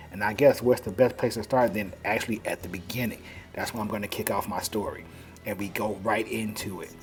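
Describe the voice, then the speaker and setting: A man's voice: on the low side, brisk, faint music behind. Chatty man recapping a comic. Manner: chatty, rambling with fillers like "you know". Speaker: comic book reviewer. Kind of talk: casual comic book recap.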